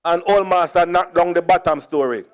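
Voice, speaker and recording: A man's voice: high-pitched, moderate pace. A middle-aged Jamaican man with a Jamaican accent, giving a comic storytelling speech at a conference and slipping between Creole and standard English while chuckling at his own jokes. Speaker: conference speaker.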